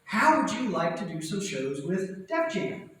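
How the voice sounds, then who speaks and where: A man on a comedy stage voicing an excited woman club owner who shouts in a high voice. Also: unhurried, full character voice. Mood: offering. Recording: echoey theater, far from mic, noisy.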